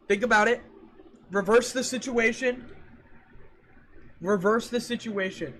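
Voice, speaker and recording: A man streaming and chatting casually with viewers, ranting in an animated, exasperated way and repeating himself for emphasis. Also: very high-pitched, slow, long pauses, slight background noise. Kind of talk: casual livestream chat with viewers.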